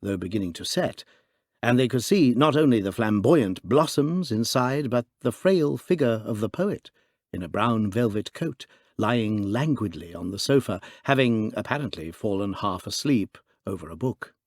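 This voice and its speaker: A male narrator reading a classic detective story aloud, expressive and theatrical. His pitch ranges widely across lines, and the recording is dry and close-miked. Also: normal speed, no room sound. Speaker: audiobook narrator. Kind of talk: scripted narration of a classic mystery.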